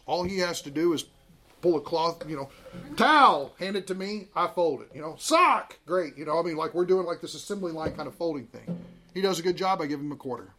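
A man in his thirties teaching a Bible class in a conversational, animated way. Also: fairly high pitch, brisk, slight background noise.

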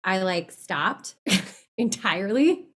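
A woman's voice: mid-range voice, expressive, slow, a bit bright, slightly rough. A woman being interviewed in a casual chat. She rambles, trails off mid-thought and laughs often. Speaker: interview guest.

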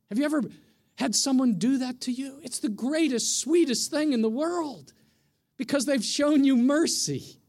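A man's voice: extremely high pitch, normal speed, darkish tone. A middle-aged man, a pastor, preaching a sermon in a conversational way, often asking the congregation questions.

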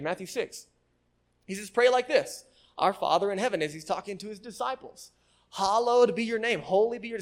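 Pastor, male, fairly high voice, casual sermon delivery with restarts and "right?" check-ins. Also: fairly bright tone. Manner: keeps checking in with the congregation with "right?"; frequent word repeats and restarts. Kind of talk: conversational sermon.

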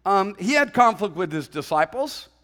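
A male pastor with a high-pitched voice delivers a relaxed, conversational sermon. He jokes, acts out little quotes and asides, and the sound rings with a long reverb from the church hall. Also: normal speed. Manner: conversational preaching with humorous asides and acted quotes.

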